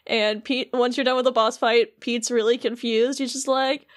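A woman's voice: fairly high pitch, steady tone, moderate pace. A woman co-hosting a podcast, chattily recapping a video game with lots of fillers. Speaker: podcast co-host.

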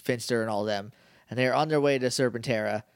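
Podcast co-host, male, mid pitch, dry close sound, casual jokey recaps. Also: clean tone, dry recording. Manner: jokey, recaps scenes with quick put-on character lines.

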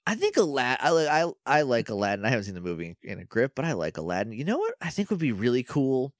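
A man's voice: medium pitch, wildly swooping pitch, fast talker, no echo. A young man co-hosts a podcast, recapping a show in loose, rambling chat. He slips into silly voices whenever he quotes someone. His voice sits in the middle of the range and sounds close and dry, with no room around it. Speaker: podcast co-host.

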